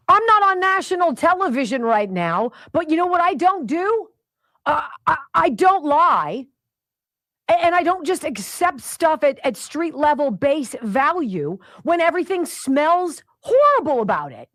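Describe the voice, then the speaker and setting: A woman's voice: high voice, big pitch swings, normal speed, fairly bright tone, no room sound. A woman hosting a talk radio show, giving indignant, opinionated commentary and addressing people directly.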